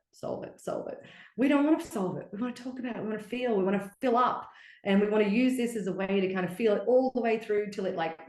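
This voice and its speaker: A woman guest on a podcast, talking about relationships in an expressive, lively way and often slipping into quoted voices. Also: mid-range voice. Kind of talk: casual podcast conversation. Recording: echoey room.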